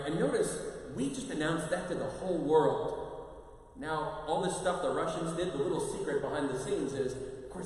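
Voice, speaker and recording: Priest preaching, lively and chatty, big echoey church, mic far off. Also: male voice, fairly high pitch. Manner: animated, conversational, acts out quotes. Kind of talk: parish mission talk. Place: large church.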